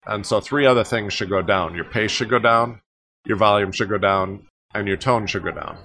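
Low-voiced man, emphatic speaking coach. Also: normal speed, sharp tone. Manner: emphatic, repeats phrases for effect. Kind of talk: podcast interview.

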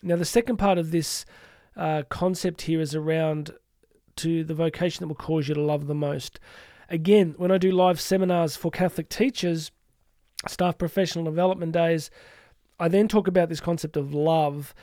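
A man hosting an inspirational podcast for teachers, speaking warmly with playful asides and slowing down for emphasis. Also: on the high side, steady tone, no echo, studio quality. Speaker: podcast host.

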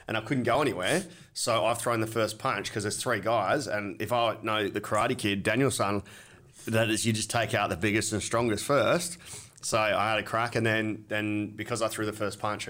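A man's voice: lowish voice, fairly bright tone. A young Australian man co-hosting a podcast, chatting casually, swearing freely, laughing often and telling stories with quoted lines. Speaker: podcast co-host. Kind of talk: casual chat.

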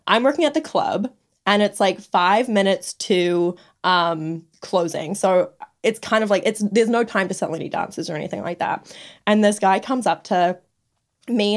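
Young woman podcast co-host, mid pitch, blunt storyteller, cheeky and swears casually. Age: young adult.

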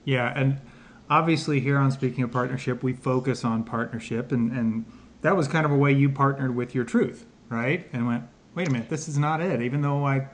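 A man's voice: mid-range voice, steady tone. Upbeat man hosting an interview. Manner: enthusiastic, quick affirmations. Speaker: podcast host. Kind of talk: casual interview chat.

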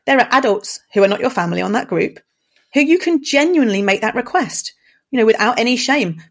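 A woman, co-hosting a podcast. She speaks calmly and gently, in considered, encouraging phrases. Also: a little high, moderate pace. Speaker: podcast co-host. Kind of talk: casual conversation.

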